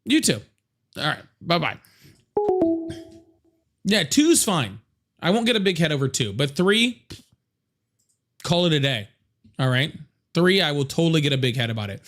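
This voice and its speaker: A man hosting a casual live political chat, talking fast and joking with viewers. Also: on the high side, big pitch swings, a bit bright. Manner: chatty, fast asides to viewers, laughing exclamations. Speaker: livestream host.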